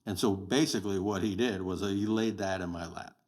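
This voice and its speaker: Blunt, anecdotal man in his sixties; low-set voice, relaxed interview storytelling. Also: fairly quick. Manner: plain-spoken, anecdotal, blunt. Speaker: podcast guest, sheriff candidate.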